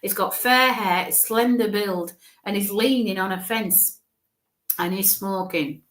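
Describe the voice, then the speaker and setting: A woman's voice: mid-range voice, slow, fairly bright tone, echoey room. A woman giving a live mediumship reading as a psychic medium, thinking aloud with frequent halts and restarts.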